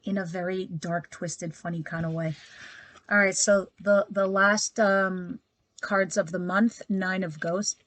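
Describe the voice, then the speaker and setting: A woman's voice: on the low side, fairly even intonation, unhurried, fairly bright tone, no echo. A woman giving a casual tarot reading to her viewers, talking bluntly and chattily with frequent asides. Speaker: tarot reader.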